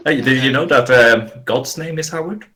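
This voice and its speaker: A man's voice: medium pitch, normal speed, bright, forceful tone. A man playing a tabletop game, teasing the others in casual chat. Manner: teasing, playful. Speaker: player.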